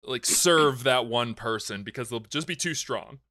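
A man's voice: mid-range voice, unhurried, pushed and bright, no room sound, clean studio sound. A man hosting a casual podcast chat, recapping a film plot with jokes and mock-angry rants. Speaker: podcast host explaining a film saga.

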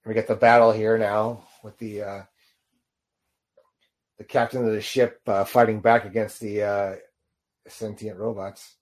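A man with a fairly low voice talks casually through a short film as he watches it. He rambles and halts often, filling his pauses with ums and uhs. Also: flat delivery. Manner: rambling, halting with many fillers. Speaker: video reactor. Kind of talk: casual reaction commentary.

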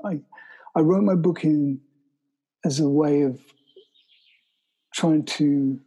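A middle-aged man, telling a story as an interview guest, often halting and restarting his sentences. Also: a little high, warm tone, husky, poor audio. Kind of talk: storytelling in conversation.

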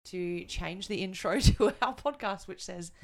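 A chatty woman hosting a podcast, laughing easily between lines. Her voice sits at an ordinary middle pitch for a woman. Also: unhurried, gravelly. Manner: giggly, chatty. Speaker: podcast co-host. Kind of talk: casual chat and quiz hosting.

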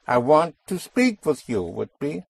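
A man's voice: fairly high pitch, sing-song, measured pace, creaky, slightly rough, no echo. A man teaching a Spanish lesson, patiently explaining grammar and repeating his students' answers back to them. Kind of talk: language lesson.

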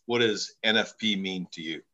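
Folksy podcast co-host with a bright voice. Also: male voice, low-pitched, normal speed, highs cut off. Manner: friendly, folksy, rambling. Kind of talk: casual podcast interview.

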